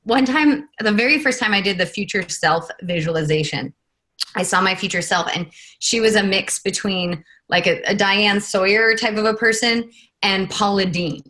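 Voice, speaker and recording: Host: woman from California, enthusiastic and reflective, quick to laugh, conversational interviewer. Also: medium pitch, pushed and bright. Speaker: podcast host. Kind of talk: podcast interview.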